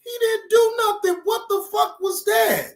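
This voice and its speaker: A woman hosting a reaction video, talking in loud, cursing, indignant outbursts. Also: very high-pitched, fairly even intonation, measured pace, noisy background. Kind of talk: casual reaction commentary.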